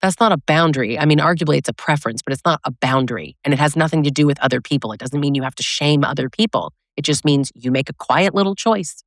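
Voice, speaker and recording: A woman's voice: deep voice, quick pace, few pauses, no room sound, clean studio sound. A woman relationship coach giving blunt, sarcastic advice, acting out quoted lines as she talks. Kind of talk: direct-to-camera advice talk.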